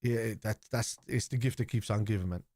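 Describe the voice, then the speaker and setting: A man's voice: on the low side, fairly quick, darkish tone, no room sound, clean studio sound. A man hosting a live football watchalong, chatting casually in a blunt, opinionated way with plenty of swearing and repeated points. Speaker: host of a football watchalong stream. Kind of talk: casual live commentary and chat.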